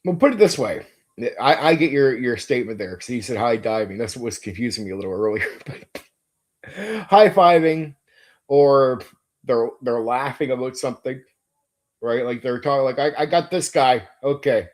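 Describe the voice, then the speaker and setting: Medium-pitched and animated at a normal pace, this man is a game master hosting a laid-back stream on running tabletop games. He's eager and emphatic, swearing freely and repeating words as he works through his thoughts.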